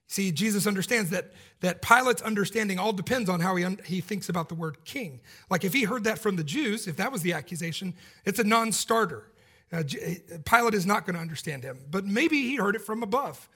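A man's voice: sits high, lively intonation, fairly quick, fairly bright tone, slightly rough. A man preaching a sermon in a casual, joking, conversational way.

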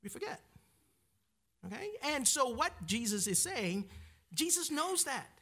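A man's voice: very high voice, big pitch swings, measured pace, pushed and bright, husky. A man preaching a sermon, often asking his listeners "right?" and repeating words as he searches for the next phrase.

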